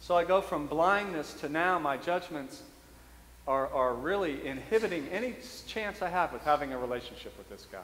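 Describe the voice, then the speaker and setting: A male priest preaches with a light, self-mocking humor and frequent chuckles. His voice sits a bit high for a man. It rings through a roomy church with a long, echoing tail. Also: expressive, moderate pace, fairly bright tone, a little hiss or hum. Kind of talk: sermon. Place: church sanctuary. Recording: roomy echoey church hall.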